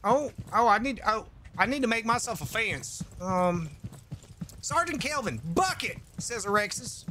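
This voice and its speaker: Casting: high, animated, bright gamer guy, rambling and profane, desk mic with a faint hiss. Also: a little slow. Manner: rambling, swearing, jokey asides, reads chat aloud. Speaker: gaming YouTuber. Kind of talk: casual let's-play commentary. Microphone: desk microphone.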